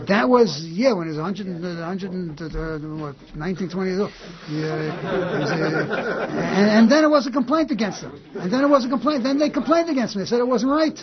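A man giving an informal Torah class, talking in halting bursts and repeating phrases as he works through a point. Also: high voice. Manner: halting and repetitive, restarting phrases. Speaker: Torah teacher. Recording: dull lo-fi recording.

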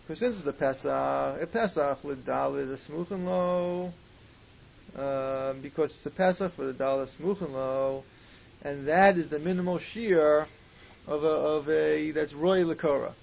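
In a muffled lo-fi recording with faint hiss, a man teaches a Talmud class, reasoning aloud with Hebrew and Aramaic terms and posing questions. His voice is a little high and creaky, at a moderate pace.

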